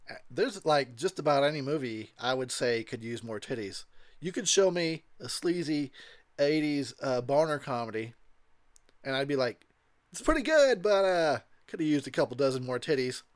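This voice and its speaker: A man's voice: mid-range voice, lively intonation, normal speed, no room sound. A tipsy man giving rambling, crude commentary over a movie, laughing often. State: tipsy from drinking. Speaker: commentary host.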